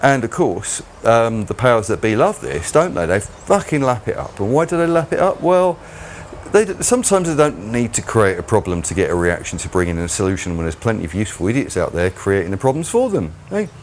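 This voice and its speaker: Sardonic man, low lively voice. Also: fairly quick, slight background noise. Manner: sardonic, rambling, mocking. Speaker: channel host. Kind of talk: solo commentary monologue.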